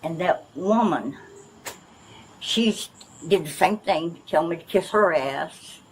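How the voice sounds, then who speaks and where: An older resident questioned by police keeps rambling and insistently complaining to the officer, her voice on the low side as she takes it slowly. The poor audio comes from an outdoor bodycam, with faint noise in the background.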